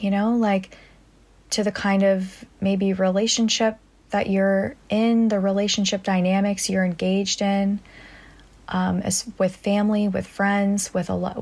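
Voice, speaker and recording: A young adult woman hosting a reflective solo podcast, soft-spoken and earnest, pausing often. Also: medium pitch. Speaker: podcast host.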